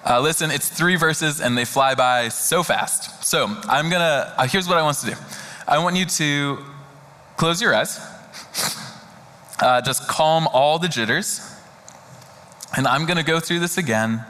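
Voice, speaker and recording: A man's bright, forceful voice carries through a big church hall with a long reverb trailing behind it. He preaches in an earnest, conversational way and drops into a slow, hushed delivery for scripture readings. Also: a little high. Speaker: pastor. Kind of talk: sermon. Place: church sanctuary.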